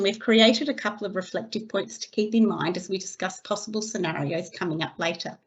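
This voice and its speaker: Measured woman reading a webinar. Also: mid-range voice. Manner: steady, measured, reading from slides. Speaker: early childhood educator trainer. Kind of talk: scripted webinar narration. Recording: slightly dull lo-fi recording.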